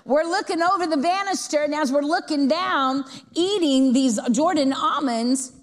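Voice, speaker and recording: A woman's voice: sits high, moderate pace, hardly any pauses. Chatty woman preacher in a reverberant church. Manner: lively, chatty, asks the congregation questions. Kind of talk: storytelling sermon.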